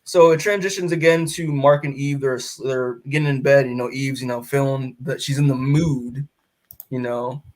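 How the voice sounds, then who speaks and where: A man with a mid-range voice and fairly even intonation recaps a comic book at a moderate pace on the podcast he co-hosts. His rambling, casual account is packed with fillers and he often performs the characters' lines.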